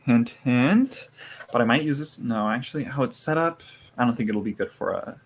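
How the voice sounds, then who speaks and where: Guy rambling thru an unboxing, lots of "you know", mid pitched voice, bit of room hiss. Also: normal speed. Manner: chatty, rambling, lots of fillers and laughs. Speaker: tarot reader unboxing a haul. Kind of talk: casual chat to live viewers.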